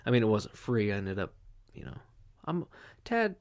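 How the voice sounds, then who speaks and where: A man's voice: on the low side, expressive, moderate pace, a little mellow. A man hosting a solo podcast, telling rambling, profane stories with lots of fillers. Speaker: podcast host. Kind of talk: casual solo podcast monologue.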